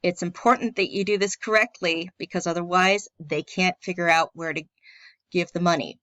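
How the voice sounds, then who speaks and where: A woman's voice: on the low side, steady tone, normal speed, fairly bright tone, no echo. Lady friendly woman walking through steps. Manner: friendly, plain step-by-step walkthrough with filler ums. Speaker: church staff member. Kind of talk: casual screen-recorded tutorial.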